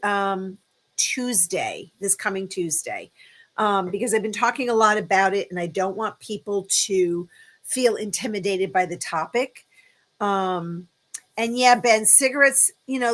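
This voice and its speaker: Chatty woman hosting a live chat. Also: medium pitch. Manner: chatty, warm-hearted encouraging, lots of ums. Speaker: livestream host.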